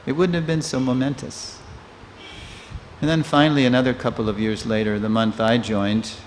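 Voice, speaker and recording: An older man lectures in a temple hall, his voice carrying a long reverb over a faint hiss. He is a lively storyteller who slips into the voices of the people he quotes, with an ordinary mid-pitched tone. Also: normal speed. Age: 60s. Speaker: lecturer giving a scripture class. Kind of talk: storytelling scripture class.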